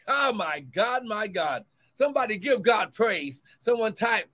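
Fervent high-voiced male preacher. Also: lively intonation. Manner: fervent preaching with shouted cries of "woo, glory"; swings between shouting and quick low asides. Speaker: pastor and prophet. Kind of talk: livestreamed sermon.

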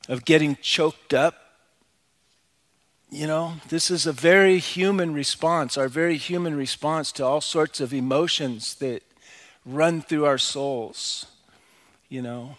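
A middle-aged male pastor delivers a sermon in a relaxed, conversational way, often tossing in "you know" as he talks. His voice sits a little above the usual male pitch. He sounds like he is speaking from a church sanctuary. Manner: conversational and personal, frequent "you know" asides.

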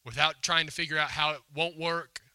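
A man preaching to a congregation, retelling a story and voicing its lines with conversational emphasis. His voice is strikingly bright and forceful. The sound is close and dry, with little room echo. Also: a little high, steady tone, fairly quick, clean tone. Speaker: pastor. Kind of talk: sermon. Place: church hall before a congregation.

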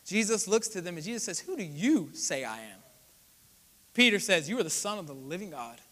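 A man's voice: sits high, big pitch swings, fairly quick, sharp tone, big-room sound. A young male pastor, preaching a conversational sermon in a church, acting out quoted voices and talking straight to the congregation. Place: church sanctuary.

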